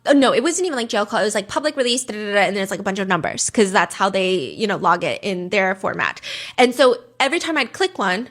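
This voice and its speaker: A woman's voice: medium pitch, lively intonation, fast, fairly bright tone. A woman hosting a true crime podcast in casual chat, talking dramatically with many fillers.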